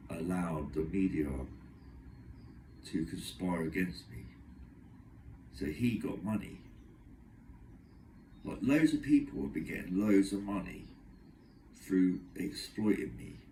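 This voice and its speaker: A young man with a low, deep voice pours out a rambling, aggrieved monologue. He talks in long run-on strings of complaint. The recording is roomy and echoey, with the voice sitting back from the microphone over a faint background hum. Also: animated, slow pace, gravelly, long pauses, a little mellow, recorded from a distance. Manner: aggrieved, agitated, run-on storytelling. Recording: echoey room, voice away from mic.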